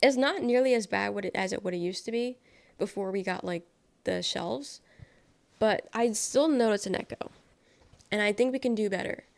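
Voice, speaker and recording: Congested and nasal, this young woman is sick and rambling through a casual livestream chat from her bedroom with bare walls. Her mid-range voice is gravelly and a little mellow at a moderate pace, and she drifts off mid-thought and corrects herself as she goes.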